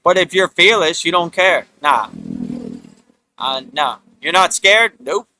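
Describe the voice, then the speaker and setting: A man's voice: fairly high pitch, animated, slow pace, sharp tone, slight background noise. A man hosting a live spiritual talk, rambling in a loose, repetitive way, often saying "you know" and mocking others with put-on voices. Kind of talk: casual live-stream monologue.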